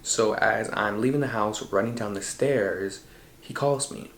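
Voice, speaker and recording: A man hosting a podcast, recounting a dream in an animated, slangy and profane way. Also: lowish voice, a little slow, a little hiss or hum. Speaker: podcast host. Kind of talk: casual storytelling. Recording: roomy echo.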